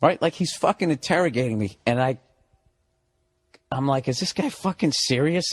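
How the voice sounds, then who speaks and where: Male stand-up comic, mid-pitched voice, swears a lot, rants and builds to shouted peaks. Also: expressive, normal speed. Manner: profane, ranting, builds to loud outbursts. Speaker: stand-up comedian. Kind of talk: stand-up storytelling.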